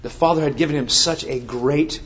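A man preaches a sermon with a fairly high voice, reading scripture and then building to emphatic declarations. The recording sounds dull and lo-fi. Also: moderate pace. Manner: emphatic, rising to forceful exclamations.

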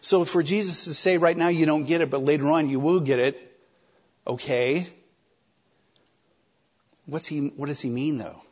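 Husky conversational male preacher. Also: a little high, moderate pace, long pauses, lo-fi sound. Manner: animated, conversational, acts out quoted lines. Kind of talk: sermon.

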